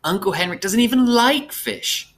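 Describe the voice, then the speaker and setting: A man voicing a chattering young girl who is bold but frightened, speaking high and quick. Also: very animated, pushed and bright. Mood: chatty.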